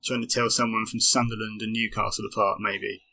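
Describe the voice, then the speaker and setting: A man's voice: on the low side, little pitch movement, brisk, creaky, pushed and bright. A British man, a comedian co-hosting a podcast, thinking aloud in a casual chat with many fillers. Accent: British English. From Britain.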